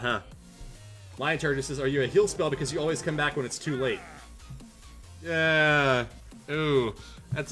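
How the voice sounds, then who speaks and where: A man hosting a game tournament stream, his voice sitting a little high and sounding bright and forward. He reads out viewer jokes with easy, self-mocking humor and slides into quick play-by-play, while soft music plays underneath. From Canada. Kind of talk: casual livestream chat and game commentary.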